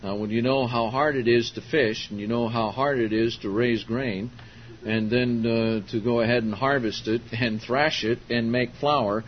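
An older man preaching a sermon, teaching slowly and deliberately, stressing key words and asking the congregation to follow along. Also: mid-range voice, fairly even intonation. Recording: dull lo-fi sermon recording with faint hiss.

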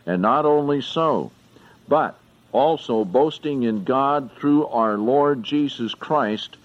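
A man preaching an expository sermon, speaking slowly and deliberately with sudden emphatic swells. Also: mid-range voice, dull audio.

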